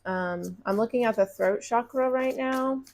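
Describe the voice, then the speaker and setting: A woman giving a collective tarot reading in a casual, reassuring, conversational way, with drawn-out pauses. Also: on the high side, heavy background noise. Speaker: tarot reader.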